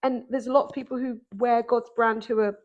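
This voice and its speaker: A woman with a fairly high voice tells her own story as a podcast guest. She speaks animated and emphatic, and she acts out the voices she quotes. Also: fairly quick, highs cut off. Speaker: podcast guest, dancer and author. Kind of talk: personal storytelling in conversation.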